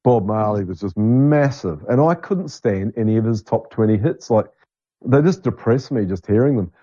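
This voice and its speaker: Kiwi guy rambling and opinionated, low mellow voice, lots of ums, dry muffled sound. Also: animated, moderate pace, slightly rough. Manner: rambling, many restarts and fillers. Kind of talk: casual opinionated chat.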